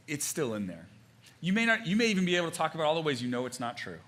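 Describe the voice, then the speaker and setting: A young adult man preaching a sermon as pastor, conversational and animated, with frequent fillers and restarts. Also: a little high, rapid-fire, slight background noise.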